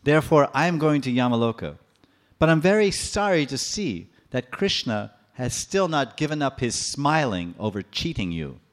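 A man's voice: mid-range voice, big pitch swings, normal speed, lightly acted. A man voicing a fiercely angry young woman who scolds her friend's lover in a heated, reproachful manner. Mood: grave reproach. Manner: heated, reproachful, repeating herself.

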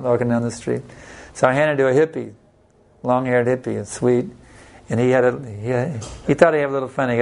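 Gravelly-voiced man teaching a scripture class. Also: mid-range voice, a little mellow. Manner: unhurried, plain-spoken, tells personal stories. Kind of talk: devotional scripture class talk.

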